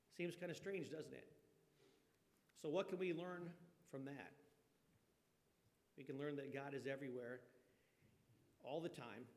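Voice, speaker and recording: A man preaching a conversational sermon, folksy, often asking his congregation questions. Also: medium pitch. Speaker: pastor. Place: church sanctuary. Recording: long reverb of a church hall.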